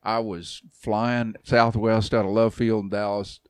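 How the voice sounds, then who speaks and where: A man around sixty, a youth pastor, tells a long story in a relaxed podcast chat, acting out quoted voices and laughing often. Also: on the low side, unhurried, smooth, no room sound, clean studio sound. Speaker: youth pastor and church elder.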